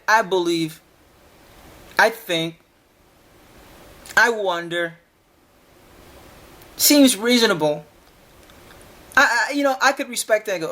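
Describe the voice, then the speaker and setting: With a high-pitched, slightly bright voice, a man hosts a solo podcast and argues his point forcefully. He keeps repeating himself, challenges listeners with rhetorical questions and trips over repeated words.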